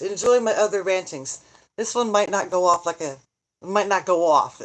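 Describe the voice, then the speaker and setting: Recorded on a phone, this vlogger and grandmother talks at a moderate pace in a fairly low voice. The middle-aged woman chats casually on her livestream, joking and rambling while responding to viewers' comments.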